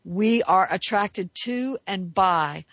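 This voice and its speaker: Speaking slowly in a mid-range, slightly bright voice, a woman offers an earnest, emphatic reflective monologue as a self-help speaker, raising rhetorical questions and answering each. The recording is dry and muffled, with no echo.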